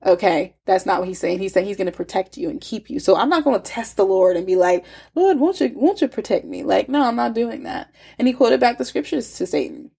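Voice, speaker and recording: A woman talks through a devotional teaching in a chatty, emphatic way with plenty of asides. Her voice is gravelly and husky, and a stuffy, congested nose colors her words. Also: mid-range voice, a little fast, few pauses, warm tone. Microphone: phone.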